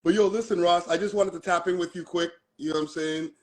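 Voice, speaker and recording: A man's voice: high voice, fairly even intonation, fast talker, poor audio. A man from Toronto with a Toronto accent, chatting easygoingly as a guest on a live stream and using slang like "fam" and "bro". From Toronto, Canada. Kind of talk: casual chat on a live stream.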